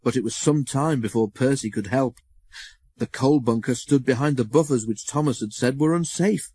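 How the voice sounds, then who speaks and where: A man narrating a children's storybook in a measured, expressive way on a close studio mic. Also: mid-range voice, slightly rough, no echo.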